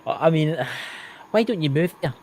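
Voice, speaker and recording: A man with a Scottish accent from near Glasgow, talking with animated enthusiasm in a casual chat. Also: a little high, normal speed, slight background noise, low-quality recording. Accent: Scottish, Glasgow area. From Scottish lowlands near Glasgow.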